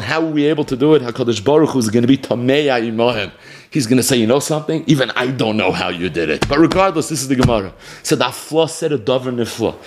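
Talmud teacher, man, higher voice, reads out a line then explains it fast and emphatic. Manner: quotes text then explains it quickly, emphatic. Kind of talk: Talmud class lecture.

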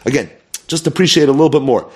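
A man teaching a Talmud lesson, animated and mixing Hebrew and Yiddish terms into English. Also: medium pitch, quick pace. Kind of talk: Talmud lecture.

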